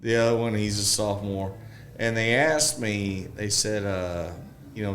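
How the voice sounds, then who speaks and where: A man in his forties in casual podcast chat, telling a folksy story and acting out the dialogue with animated pitch jumps. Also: a little slow, slight background noise. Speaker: podcast guest, construction expert.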